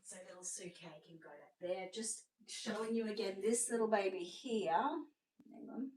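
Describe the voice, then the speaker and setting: An Australian woman chats and gushes through a live-stream sales showcase, sinking to a hushed voice over the sweetest items. Her voice sits at an ordinary middle pitch for a woman. The sound is roomy and set back from the microphone. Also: measured pace, recorded from a distance, slight background noise. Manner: chatty, gushing, drops to a hushed voice over sweet babies. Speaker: doll seller hosting a live showcase. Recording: roomy sound, away from the mic.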